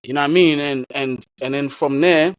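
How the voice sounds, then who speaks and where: A fairly high-pitched man speaks a little fast with a clean tone, though the recording is rough. He's an English football content creator appearing as an interview guest, spinning stories in an easygoing, casual manner packed with slang.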